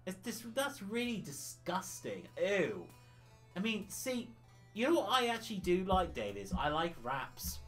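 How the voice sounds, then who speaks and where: Uk guy rambling on his retro game stream, laughs a lot, bit high voice, bounces all over, faint music behind. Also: very animated, normal speed, fairly bright tone. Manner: rambling, chatty, laughs often. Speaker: retro gaming livestreamer. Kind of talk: casual livestream chat.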